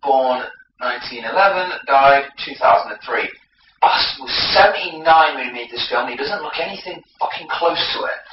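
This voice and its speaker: A man's voice: medium pitch, moderate pace. A young man chatting casually about a film, blunt and sweary. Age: young adult. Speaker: podcast co-host. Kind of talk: casual film review chat. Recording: roomy, distant, dull recording with faint hiss.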